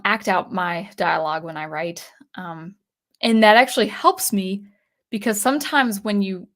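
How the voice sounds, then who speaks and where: Young woman on a livestream, chatty and rambly, reads chat out loud, lots of ums and restarts. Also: mid-range voice. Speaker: livestream host. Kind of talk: casual livestream chat reading comments.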